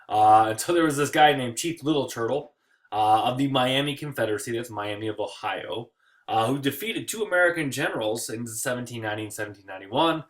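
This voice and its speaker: A man's voice: medium pitch, fairly quick. A man teaching history in a casual recorded lecture, joking often and talking loosely with many fillers.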